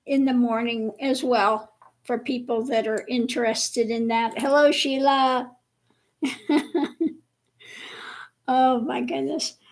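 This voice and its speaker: A woman hosting a casual livestream chat with viewers, slow and chatty, laughing often, with her voice a bit worn. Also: fairly high pitch, creaky, rough recording. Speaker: livestream host.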